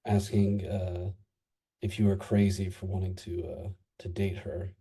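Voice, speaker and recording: A man in his thirties from the United States talks as a guest on a conversational podcast. His voice sits fairly low and has a mellow, dark tone. He talks in a halting way, stopping often for fillers and restarts as he recalls things. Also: flat delivery, husky. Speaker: interview guest. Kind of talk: casual conversation.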